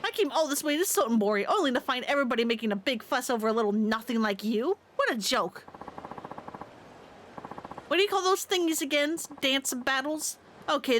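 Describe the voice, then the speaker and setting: A woman's voice: high voice, lively intonation, a little fast, a little hiss or hum. Woman putting on Ulala, a bratty rival idol. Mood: scornful. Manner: snide, bossy and loud. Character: haughty, boastful young female rival idol. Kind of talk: reading game dialogue aloud on a stream.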